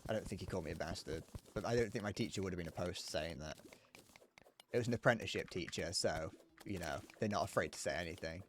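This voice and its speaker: Streaming a game, a young southern English man from England chats casually and reads out messages from chat, replying fast. Low mutters to himself alternate with brighter, self-deprecating answers. The recording carries faint background noise and clicks.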